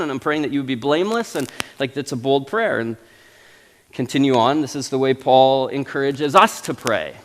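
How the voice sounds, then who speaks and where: A man in his thirties from Canada, preaching a sermon as pastor in a casual, animated way with frequent restarts. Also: mid-range voice, big-room sound. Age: 30s. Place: church sanctuary.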